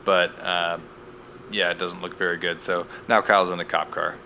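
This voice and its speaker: Man, podcast co-host, low pitch, bright edge, wry jokes, faint hiss. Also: flat delivery, moderate pace. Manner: wry, joking asides. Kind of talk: casual recap chat.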